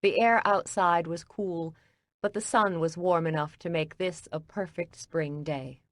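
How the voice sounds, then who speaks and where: A woman reads an audiobook in a lowish, measured voice. Her delivery is steady and even, recorded close on a dry studio mic with no room sound. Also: dry recording. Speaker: audiobook narrator. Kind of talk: scripted audiobook narration.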